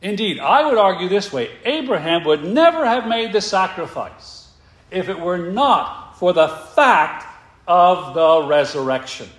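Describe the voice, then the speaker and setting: Male preacher with a lively rising and falling voice, unhurried, echoing sanctuary, asks the room questions. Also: high voice. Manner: rhetorical questions, emphatic, slows down for stress. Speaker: pastor. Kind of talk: sermon.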